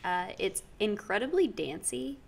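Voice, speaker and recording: A young woman co-hosts a casual podcast. She is chatty and teasing and laughs easily. Her voice sits in a middle pitch. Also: lively intonation, a little slow, vocal fry. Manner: chatty, laughs often, jokey. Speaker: podcast co-host. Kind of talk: casual chat.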